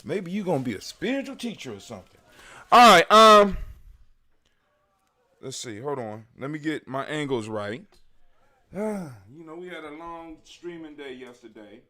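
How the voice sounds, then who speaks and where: A man's voice: fairly high pitch, sing-song, measured pace, long pauses. A man hosting a live stream in a casual chat, laid-back and teasing, talking straight to his viewers. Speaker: live show host. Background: loud hip hop music.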